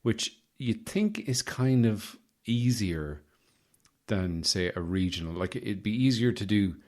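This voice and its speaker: A man hosting a podcast, his voice slightly rough, rambling through an improvised comic monologue with self-mocking asides. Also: lowish voice, lively intonation, slow, a little mellow. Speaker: podcast host.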